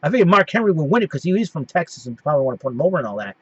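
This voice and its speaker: A man with a fairly high voice hosts a casual recap, rambling and circling back on himself with constant restarts. The recording is dull and lo-fi, with a dry, close sound. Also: very animated, rapid-fire, breathy edge, no room sound. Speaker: host.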